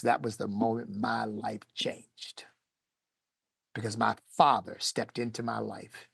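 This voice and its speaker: Un hombre de voz áspera y grave narra con emoción una historia personal ante su público. Alterna pasajes en voz baja, casi susurrada, con arrebatos animados. El sonido es seco y cercano, sin eco. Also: male voice, medium pitch, vocal fry, breathy edge, no room sound, studio quality. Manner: animated, swings between hushed and lively. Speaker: speaker telling his life story. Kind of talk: emotional personal storytelling to an audience.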